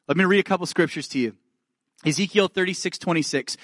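A man's voice: high-pitched, a little fast, fairly bright tone, no room sound, studio quality. A male pastor preaching a sermon, earnestly checking in with his listeners, reading scripture aloud with rising fervor and dropping into self-deprecating asides.

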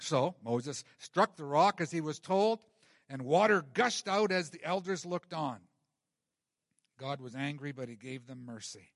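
A middle-aged male pastor preaching a sermon in an animated way, acting out scenes from scripture. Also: on the high side, moderate pace, dry recording, clean studio sound.

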